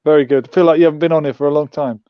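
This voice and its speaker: A man's voice: on the high side, steady tone, rapid-fire, clear, resonant tone, no echo, muffled recording. A man hosting a livestream, musing with wry, sarcastic commentary. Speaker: host.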